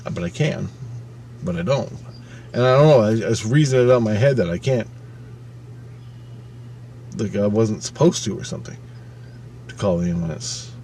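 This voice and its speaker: A man casually telling a personal story, swearing freely and acting out his own panicked thoughts with sudden swings between loud and quiet. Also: lowish voice, brisk, pauses often, slight background noise. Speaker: channel host recounting a personal experience.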